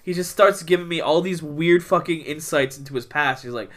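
A young man with a slightly high voice tells a story on a podcast. He swears freely, laughs along with his own tale and keeps the talk loose. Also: fairly quick, fairly bright tone, faint music behind. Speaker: podcast co-host. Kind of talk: casual storytelling chat.

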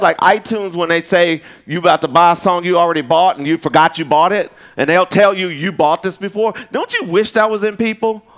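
A man preaching a sermon in an animated, storytelling way, jumping up in pitch when he acts out quoted voices, speaking.

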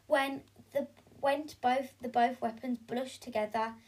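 A woman reading a children's story aloud, animated and adding sound effects, sometimes stumbling over the words. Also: sits high, measured pace. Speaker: reader.

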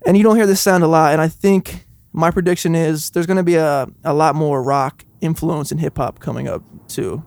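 A young man in a casual music podcast, rambling through a funny story with frequent laughs. His voice sits a little high, and the sound is dry and close. He reviews songs in loose, easygoing talk. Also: steady tone, normal speed, hardly any pauses, darkish tone, dry recording. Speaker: podcast co-host.

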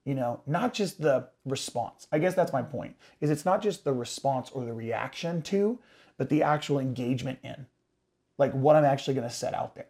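A man talking with his partner, halting and searching for words with many restarts. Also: medium pitch, darkish tone. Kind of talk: casual couple's conversation.

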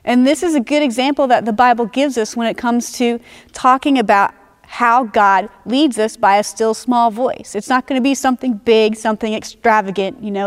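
Woman preacher, fairly high voice, earnest teaching sermon, slows to stress key phrases.

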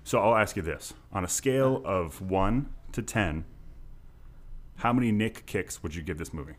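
A man's voice: low voice, expressive, normal speed. A young man co-hosting a casual movie podcast, blunt and teasing, with frequent swearing. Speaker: podcast co-host. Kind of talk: casual movie-review chat.

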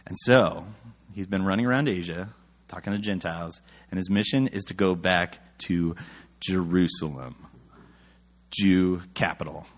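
A young man preaching casually, retelling a Bible story in slangy, animated speech and jumping into quoted voices. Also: sits low, normal speed.

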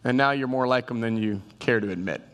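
A man's voice: medium pitch, brisk, a bit bright, smooth. A male pastor preaching a sermon with humor, calling out to his congregation. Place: church sanctuary. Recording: reverberant church hall.

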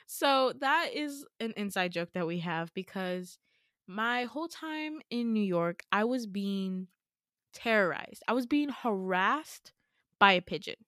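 A woman hosting a podcast, telling a story in a loose, chatty way with plenty of swearing and lively asides. Her voice sits at an ordinary middle pitch. The recording is close and dry. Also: takes it slowly, dry recording. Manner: chatty, profane, animated retelling. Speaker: podcast host. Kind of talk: casual storytelling.

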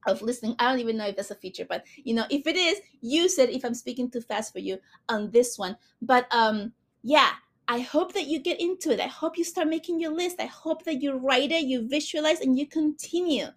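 High-voiced woman podcaster rushing through a pep talk, gushy and earnest. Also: lively intonation. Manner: rapid, gushing and earnest. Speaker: podcast host. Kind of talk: motivational manifesting talk.

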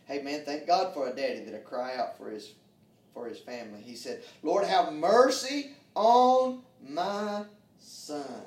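A man's voice: medium pitch, reverberant, recorded from a distance. A man preaching a sermon in a church, fervent and folksy, calling out to the congregation for answers. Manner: fervent preaching with call-and-response, folksy grammar. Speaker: pastor. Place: church sanctuary.

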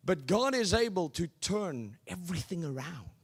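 A male pastor preaching a sermon, swinging from loud declarations to hushed asides and leading the congregation in call-and-response. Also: sits high, very animated, moderate pace, breathy edge.

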